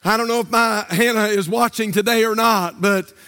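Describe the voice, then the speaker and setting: A middle-aged man with a Southern US accent preaching a sermon as pastor, impassioned and rising to shouts with a sing-song cadence. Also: high voice, steady tone, normal speed. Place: church sanctuary. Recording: long church reverb.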